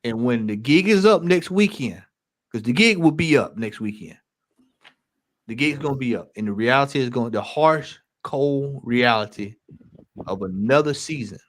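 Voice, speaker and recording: A man of middling pitch making his case on a fan show, earnest and emphatic. He circles back over the same words to hammer each point home. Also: lively intonation, moderate pace. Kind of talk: casual football chat.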